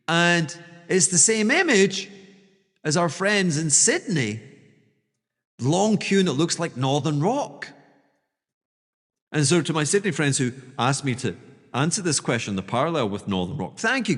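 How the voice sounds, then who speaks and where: A man hosts a theatrical monologue, his animated voice sitting on the higher side as he digresses and acts out characters. A long reverb hangs around his words. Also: moderate pace. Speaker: podcast host.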